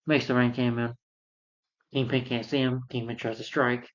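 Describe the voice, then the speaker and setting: A man talks through a film review in a loose, rambling way, circling back and repeating himself as he retells the plot. His voice sits at an ordinary middle pitch. The recording is dull and muffled, with a lo-fi sound. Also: little pitch movement, normal speed. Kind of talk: casual spoken film review.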